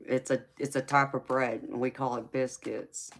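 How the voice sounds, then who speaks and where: A woman's voice: extremely low pitch, flat delivery, moderate pace. A woman hosting a casual livestream, chatting with her viewers, laughing often and calling them honey and sweetheart. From United States. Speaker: livestream host.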